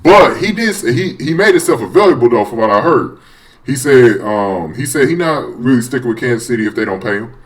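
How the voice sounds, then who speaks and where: A man giving a casual, profane sports rant as a fan vlogger, rambling and excitable with many restarts. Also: medium pitch, a little fast.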